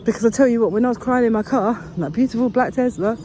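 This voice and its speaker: A woman's voice: on the high side, quick pace, dark tone, a little hiss or hum. A woman talking earnestly and encouragingly in a casual walk-and-talk vlog outdoors, rambling a little as she goes. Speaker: vlogger. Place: outdoors on a walk along a path.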